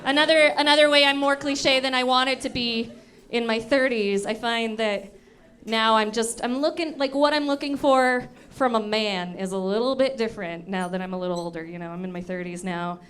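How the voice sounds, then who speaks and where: Holding a handheld mic at a comedy club, a woman in her thirties jokes through self-mocking stories in a playful stand-up set. She speaks at normal speed in a somewhat high, fairly bright voice with fairly even intonation.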